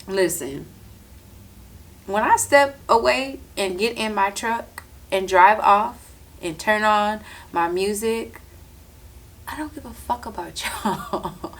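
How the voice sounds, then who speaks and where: A woman hosting a podcast, telling a story in a casual, animated monologue, acting out quotes and swearing freely, close to the mic. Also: medium pitch, slow pace, gravelly. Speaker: podcast host.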